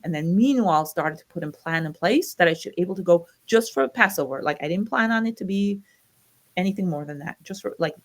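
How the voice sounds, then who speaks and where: A woman's voice: lowish voice, brisk. A middle-aged woman from the United States, a guest telling her personal story in an interview, acting out the voices of the people she quotes. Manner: animated retelling, acts out quoted voices.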